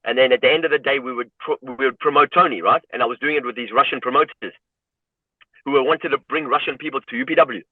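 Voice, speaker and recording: A man in his fifties tells his stories with open emotion, sprinkling "you know" through his sentences. His voice sits at an ordinary pitch. It comes through a thin, phone-like line with a dry, close sound. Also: quick pace, breathy edge, no echo. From South Africa. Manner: emotional, animated storyteller leaning on "you know". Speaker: guest. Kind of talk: personal storytelling in an interview.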